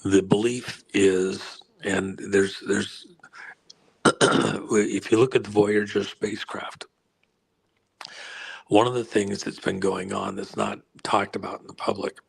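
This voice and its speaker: Hoarse, gravelly-voiced man, slow rambling. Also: fairly low pitch, little pitch movement, rough recording. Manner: frequent throat clearing and filler pauses. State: losing his voice, hoarse. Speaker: guest. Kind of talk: rambling explanatory interview answer.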